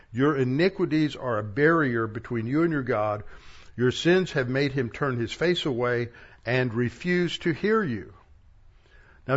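A male pastor giving a sermon, reading verses aloud and pausing for plain-spoken asides. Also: mid-range voice, husky, lo-fi sound. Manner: reads verses aloud, stressing key words, with asides. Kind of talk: sermon teaching from scripture.

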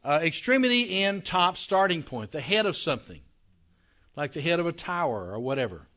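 A man giving a Bible class lecture in a conversational way, often checking that his listeners follow and slowing down to stress key words. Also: a little high, sing-song, bright, forceful tone. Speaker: Bible teacher.

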